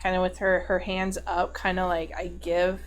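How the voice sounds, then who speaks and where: A woman's voice: lowish voice, monotone, moderate pace, a little hiss or hum. A woman player in a tabletop game, talking casually with many fillers. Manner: casual, chatty, lots of fillers.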